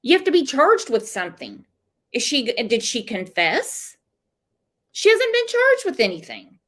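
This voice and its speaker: Brief: woman livestream host, high voice, outspoken and blunt, talks back to her comments section. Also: huge pitch swings, a little slow. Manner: blunt, opinionated, reads out comments. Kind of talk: livestream chat with callers.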